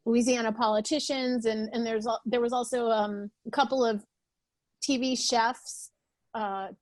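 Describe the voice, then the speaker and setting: A woman's voice: fairly high pitch, no room sound. A woman being interviewed on a podcast over a video call, talking casually with many restarts. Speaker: podcast guest.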